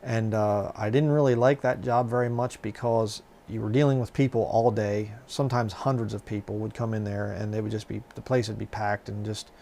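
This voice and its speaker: A man's voice: lowish voice, fairly even intonation, a little fast, creaky, few pauses, dark tone. A middle-aged man telling stories from his past in a casual, rambling way, with many fillers and restarts. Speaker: channel host. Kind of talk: casual personal storytelling.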